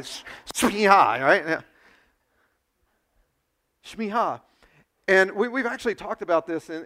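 A man preaching a sermon, animated, with quick asides to his listeners and acted quotes. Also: fairly high pitch. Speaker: pastor.

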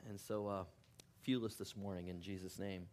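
In a church sanctuary, a middle-aged male pastor delivers a relaxed, joking sermon, his voice sitting low with a fairly even intonation and a darkish tone at normal speed. He's chatty and self-deprecating, laughing often and poking fun at himself.

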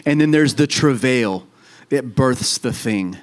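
A man's voice: medium pitch, lively intonation, slow pace. A man preaching a sermon as a pastor, earnest and fervent.

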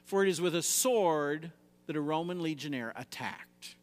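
Man, preacher, high voice, emphatic sermon, long hall echo. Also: normal speed. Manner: emphatic, swings between loud exhortation and quiet lows.

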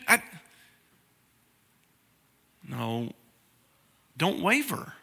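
A middle-aged man preaching a sermon in a conversational way, now and then acting out prayers in a softer, lower voice. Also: expressive, moderate pace. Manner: conversational preaching, acts out quoted prayers in a soft low voice. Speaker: pastor.

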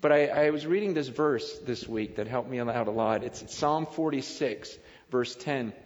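A man's voice: mid-range voice, normal speed. A male pastor giving a sermon in a conversational, emphatic way, repeating phrases for stress. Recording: dull lo-fi recording in a long-reverb hall.

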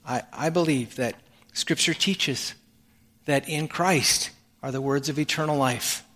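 A man's voice: fairly high pitch, fairly bright tone. A male pastor giving an earnest sermon, often restarting his phrases as he explains a passage of scripture. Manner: earnest preaching with repeated restarts. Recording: long hall reverb.

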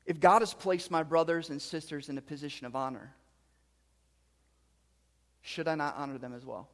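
High-voiced man preaching in a hall. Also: moderate pace. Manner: reads scripture then preaches with rising emphatic repetition. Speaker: pastor. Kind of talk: sermon. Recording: long hall reverb.

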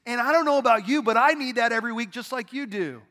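A middle-aged man preaching a sermon from a church stage, casual and lively, leading the congregation in call-and-response. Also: very high-pitched, quick pace. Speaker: pastor.

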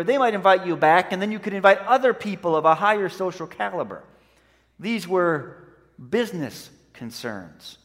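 A man's voice: high voice, long reverb tail. A man preaching a sermon as pastor, earnest and conversational, telling a story and acting out voices in it.

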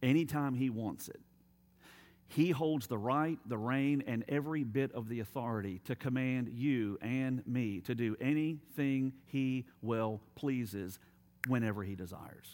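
A man preaching a sermon as a pastor, building from a low steady delivery to loud, impassioned emphasis. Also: measured pace. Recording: long hall reverb.

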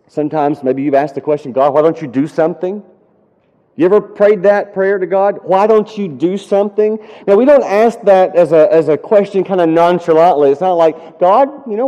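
A man's voice: high voice, dark tone. A man preaching a sermon as a pastor. He tells a story earnestly, then rises into impassioned, pleading prayers. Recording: dull sound with long hall reverb.

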